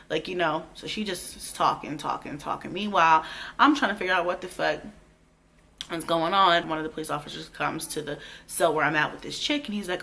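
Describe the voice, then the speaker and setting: A pregnant young woman, telling a storytime vlog in a blunt, profane, animated way. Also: low-pitched, brisk, gravelly. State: heavily pregnant. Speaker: vlogger.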